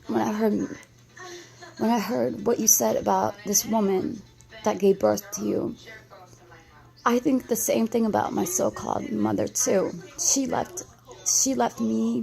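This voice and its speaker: A woman's voice: mid-range voice, gravelly, mellow. A woman in her thirties from the United States, talking anxiously and rambling in an emotional vlog response, with many restarts. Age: 30s.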